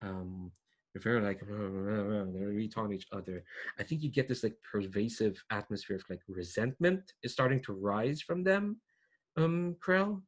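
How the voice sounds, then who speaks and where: A man with a lowish voice narrates at a moderate pace as game master of a tabletop role-play game. His delivery is casual and rambling, full of fillers and repeated restarts.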